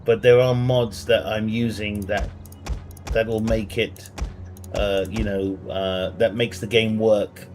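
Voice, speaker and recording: A man's voice: fairly low pitch, little pitch movement, slow, over music. A man doing casual livestream commentary on a strategy game from his bedroom. He reads viewer questions aloud, rambles, and laughs at his own jokes. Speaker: game streamer. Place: home bedroom.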